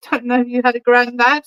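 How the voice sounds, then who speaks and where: Her voice sits on the high side and sounds fairly bright, though the recording is rough. This woman is a spiritualist medium doing clairvoyant readings for an online church service, warm and chatty, checking in with "okay?" and calling everyone darling.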